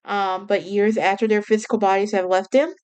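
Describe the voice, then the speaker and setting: A woman's voice: medium pitch, flat delivery, brisk, darkish tone, clear, resonant tone. A woman with a Southern US accent, hosting a podcast and chatting about a haunted house with a casual, self-correcting manner. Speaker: podcast host.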